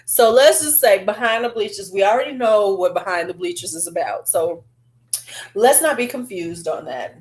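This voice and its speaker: A woman vlogger in casual, chatty beauty-review talk, rambling with fillers and asides. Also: medium pitch. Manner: chatty and animated, drawn-out fillers.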